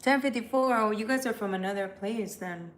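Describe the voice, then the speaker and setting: A woman's voice: medium pitch, fairly quick. Chatty, profane woman live-streaming. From United States. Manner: loose, profane, chatty, reads comments aloud. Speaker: tarot reader live-streaming to viewers. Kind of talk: casual live-stream chat.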